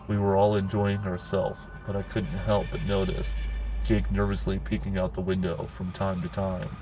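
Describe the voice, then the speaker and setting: A man narrating a horror story in a grim, steady storytelling manner. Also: low voice, a little hiss or hum, poor audio.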